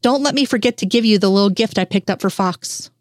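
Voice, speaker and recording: A woman's voice: medium pitch, quick pace, a little mellow, no echo, studio quality, natural voice. A woman voicing an older, worried mother with a fussy, motherly way of talking. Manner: fussy, motherly, scolding at times.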